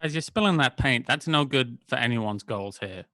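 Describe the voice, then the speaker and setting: A man playing a tabletop role-playing game, tossing off joking, quick remarks. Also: medium pitch, lively intonation, a bit bright, no echo, studio quality. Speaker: player. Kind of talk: casual tabletop game play.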